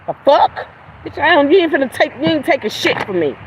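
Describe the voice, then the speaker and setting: A woman hosting a livestream, delivering a heated, profane, confrontational rant that swings from loud outbursts to low mutters. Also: big pitch swings, fairly quick, poor audio. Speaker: livestream host. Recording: outdoor traffic noise behind voice.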